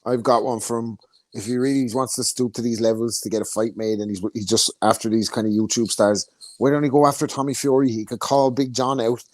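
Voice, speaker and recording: A man's voice: little pitch movement, a little fast, darkish tone, no echo. A man, co-hosting a casual boxing chat, telling stories with lots of swearing and putting on voices of fighters. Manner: sweary storytelling, mimics fighters in higher voices. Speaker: podcast co-host.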